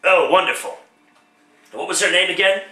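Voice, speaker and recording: A man's voice: high-pitched, normal speed, sharp tone, faint music behind. A man voicing a grumpy, whiny old miser, grumbling in a one-man comedic radio play. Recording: roomy echo, distant mic.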